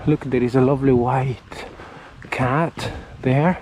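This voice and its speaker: A man from Italy with an Italian accent, chatting casually on a walking vlog and often pausing to search for words, talking into a camera outdoors on a windy street. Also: mid-range voice, steady tone, darkish tone, poor audio. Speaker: vlogger. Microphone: camera mic held near the face. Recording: faint wind and traffic noise outdoors.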